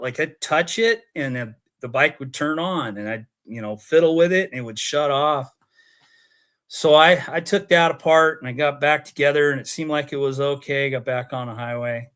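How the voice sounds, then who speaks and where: A man's voice: mid-range voice, sharp tone. Man spinning a casual road-trip yarn. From Oregon, US. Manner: rambling, acts out quoted dialogue. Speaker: podcast guest. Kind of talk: casual storytelling.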